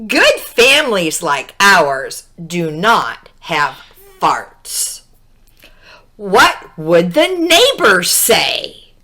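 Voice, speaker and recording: A woman's voice: lowish voice, wildly swooping pitch, very slow, sharp tone, voice pushed down, heavily acted. A woman voicing a prim scolding mother. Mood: dismissive. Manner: stiff, scolding. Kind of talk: storybook read-aloud.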